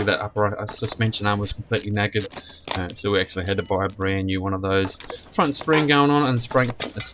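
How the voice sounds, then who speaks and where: A man hosts a car repair game in casual commentary, his voice croaky and stuffed up from a cold. He rambles and restarts words often. Steady noise sits behind him. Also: fairly low pitch. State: hoarse from a cold, sniffly. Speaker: gaming channel host. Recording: noisy background.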